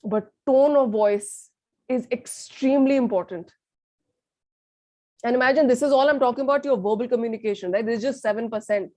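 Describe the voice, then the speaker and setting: A young woman with an Indian accent teaching an online lesson in a lively way, mixing in Hindi and asking her listeners questions. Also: a little high, brisk, dry recording. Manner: lively, switches between English and Hindi, asks the audience questions. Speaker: communication skills teacher.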